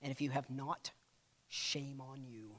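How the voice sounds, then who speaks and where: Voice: medium pitch, fairly even intonation, measured pace, noisy background. A church history teacher giving a casual classroom lecture, chatty and digressive, with playful asides to the class and stories retold through acted-out quotes.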